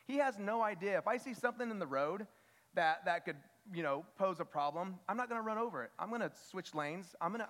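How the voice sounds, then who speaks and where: A high-voiced man shares a personal story with a church congregation. He speaks earnestly, stumbling and repeating words as he goes. His voice rings with a long reverb from the sanctuary. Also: a bit bright.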